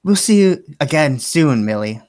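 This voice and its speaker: Brief: scattered old woman, lonely and pushy, rambling and a bit high, played by a man. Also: big pitch swings, normal speed, a little mellow. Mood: sweet. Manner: rambling, scattered, childlike listing.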